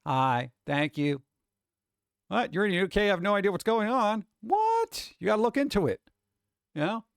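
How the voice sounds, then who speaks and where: A male streamer talks casually into a close, dry mic, his fairly high voice leaping up and down as he reacts. He reads chat aloud and swears now and then in a loose, animated way. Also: normal speed, gravelly, dry recording. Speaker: streamer host.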